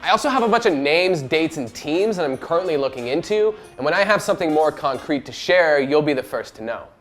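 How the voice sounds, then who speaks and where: A man's voice: a little high, lively intonation, brisk, a bit bright, faint music behind. A man hosting esports news, delivering scripted commentary in a wisecracking, profane way.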